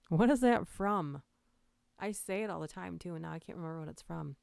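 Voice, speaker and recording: Chatting and giggling on a casual livestream from home, this woman has a slightly stuffy nose from allergies and whispers the creepy lines she reads aloud. Her voice is on the low side, brisk, creaky and smooth, with a darkish tone. The close-mic recording is dry.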